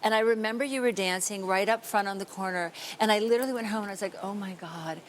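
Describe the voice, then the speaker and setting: A woman guest on a talk show, chatting casually and telling lively stories, slipping into playful voices for the people she quotes. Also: mid-range voice, racing, a little hiss or hum. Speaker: guest actress.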